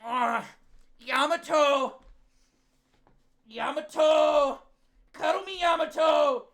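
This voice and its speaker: A man's voice: extremely high pitch, drawn-out words, a bit bright, shouting, voice pushed up, exaggerated voice. A man putting on a simpering, stammering young male student with a crush, gushing over a friend. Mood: swooning.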